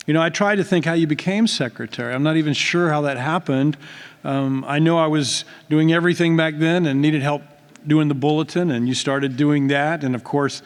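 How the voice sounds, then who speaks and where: A man's voice: fairly high pitch, brisk, clean tone. A man, a pastor, giving a folksy, self-deprecating speech at a church retirement party. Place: church hall. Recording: long hall reverb.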